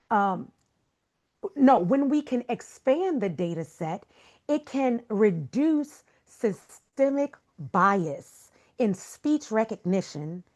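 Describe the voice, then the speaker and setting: A woman's voice: mid-range voice, a little mellow. A woman guest speaker giving an emphatic, preacher-like motivational talk full of rhetorical questions. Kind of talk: motivational talk on a video call.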